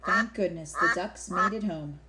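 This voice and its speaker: A woman's voice: lowish voice, a little slow, pushed and bright. A woman teacher giving an online classroom lesson, patiently explaining and asking then answering her own questions.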